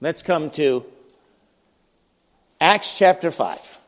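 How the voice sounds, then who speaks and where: Male pastor, high lively voice, chatty sermon, long church-hall reverb. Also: extremely slow. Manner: animated, conversational, frequent restarts. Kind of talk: sermon storytelling.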